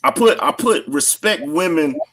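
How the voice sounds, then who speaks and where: A man's voice: on the high side, animated, a little slow, fairly bright tone, slight background noise, rough recording. A middle-aged man, a minister, talking earnestly in a casual panel discussion, often repeating words as he builds a point. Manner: earnest, repeats words when fired up, preacherly.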